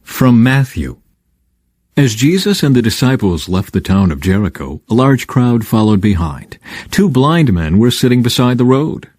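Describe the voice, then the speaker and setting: Male scripture reader, lively melodic delivery, dry close recording. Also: mid-range voice, normal speed, dry recording. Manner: expressive, lilting reading. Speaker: Bible reader. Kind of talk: scripture reading.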